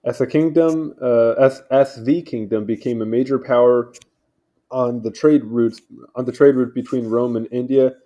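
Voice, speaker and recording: A man with a steady, medium-pitched, dark-toned voice reads at a moderate pace. He's a video host going through wiki articles at home on a home mic, fumbling names and tossing in casual remarks as he reads.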